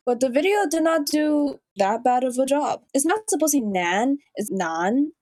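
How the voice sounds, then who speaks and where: A woman's voice: high voice, expressive, normal speed, hardly any pauses, a little mellow, no echo. A young woman hosting a comedic reaction video, joking sarcastically and correcting how names are pronounced. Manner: playful, sarcastic, corrects pronunciations. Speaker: reaction channel host.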